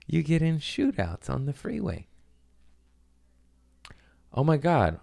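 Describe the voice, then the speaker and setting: Animated joking man, lively pitch. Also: slow pace, creaky, long pauses. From Mexican-American family. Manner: animated, jokey, swings into loud character voices. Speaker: comedian podcast host. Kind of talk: casual comedic monologue.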